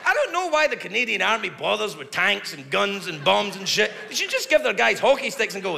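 A man's voice: high voice, very animated, fairly quick, vocal fry, a little hiss or hum. A man doing stand-up comedy live, rambling and profane, mocking himself as he goes. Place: live comedy venue with audience. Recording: reverberant live room with loud crowd.

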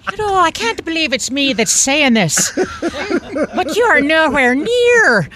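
A sharp-tongued nun, as a woman acts her out, scolding in a high, swooping voice. Her sarcasm lands over clear studio laughter. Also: sing-song, a little slow, crowd noise.

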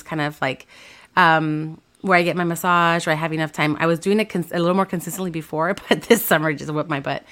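A woman co-hosting a podcast, chatting casually and excitably with friends, mixing English and Spanish. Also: lowish voice. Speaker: podcast co-host. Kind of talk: casual chat among friends.

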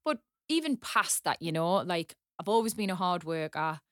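A woman's voice: on the low side, sing-song. A woman guest in a casual interview, talking openly and frankly and laughing easily. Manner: open, frank, quick to laugh. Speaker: guest, reality TV personality.

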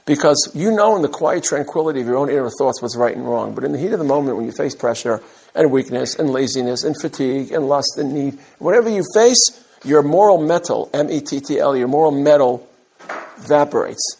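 A man, from Brooklyn, giving an animated mussar talk to his students as a rabbi, with emphatic rises and humorous asides. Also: medium pitch, fast talker, gravelly, breathy edge. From Brooklyn, USA. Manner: direct address to his students.

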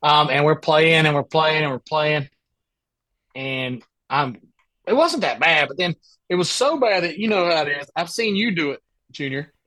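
A man who plays golf for a living, telling an animated, rambling story in a casual podcast interview on a close mic. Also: fairly high pitch, normal speed, no echo. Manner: animated, rambling anecdote with many restarts. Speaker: guest, professional golfer.

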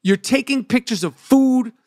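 Middle aged new guy ranting a funny story, loud and profane, dead dry mic. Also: extremely high pitch, a little slow, dry recording. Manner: animated, brash, lots of swearing. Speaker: podcast host.

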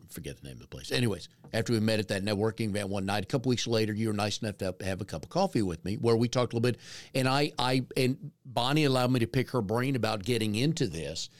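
A man from North Carolina hosting a casual interview, chatty and self-deprecating as he tells stories. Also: on the low side. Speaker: podcast host.

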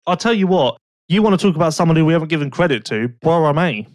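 A man's voice: fairly high pitch, expressive, quick pace, dry recording, studio quality. A young man co-hosting a casual podcast, rambling and correcting himself. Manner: rambling, self-correcting, chatty. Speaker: podcast co-host.

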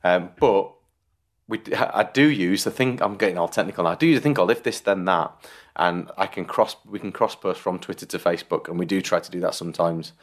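Low-voiced long-winded British man. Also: fairly quick. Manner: long-winded, self-deprecating. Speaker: podcast co-host. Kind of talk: casual chat.

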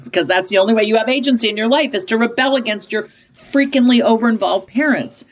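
A woman in her fifties telling parenting stories in an interview, emphatic and animated, often switching into higher voices to act out quoted parents and kids. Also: quick pace, hardly any pauses. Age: 50s. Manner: emphatic, punctuates points with "okay?". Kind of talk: conversational storytelling in an interview.

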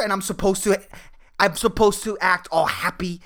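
A man's voice: sits high, fairly even intonation, unhurried, pushed and bright. A young man, hosting a solo podcast and ranting angrily with lots of swearing. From Puerto Rico. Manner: angry, profane, ranting. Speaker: podcast host.

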